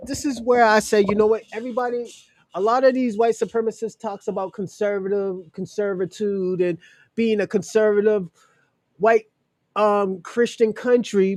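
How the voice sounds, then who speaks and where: A man's voice: sits high, darkish tone, no room sound. A man in his forties giving casual political commentary, emphatic and indignant, often repeating his phrases. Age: 40s. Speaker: commentary host.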